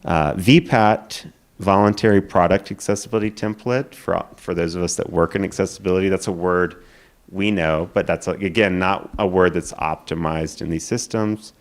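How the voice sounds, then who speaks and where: A man giving a conference presentation, explaining quickly with frequent fillers. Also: low voice, steady tone. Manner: explanatory, hurried, filler-laden.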